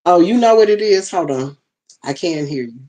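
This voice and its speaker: Live stream host talking to the chat, lots of y'all, flustered by the tablet, middle pitch. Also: lively intonation, moderate pace, warm tone, poor audio. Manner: chatty, talks straight to the chat, flustered by tech trouble; uses plenty of y'all and ain't. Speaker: livestream host teaching a class. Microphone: tablet with bone-conduction headphones.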